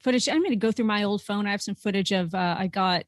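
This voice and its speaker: A woman in her thirties chats playfully as podcast co-host, a mid-pitched voice with no stretch of pitch to either side. The sound is dry and close. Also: quick pace, no room sound. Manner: laughs often, chatty and playful. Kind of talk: casual chat.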